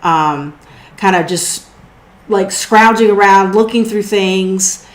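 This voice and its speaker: A woman's voice: mid-range voice, slow pace, echoey room. A woman narrating a tabletop role-playing game as game master, in a loose, filler-filled way. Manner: loose, with frequent fillers and restarts.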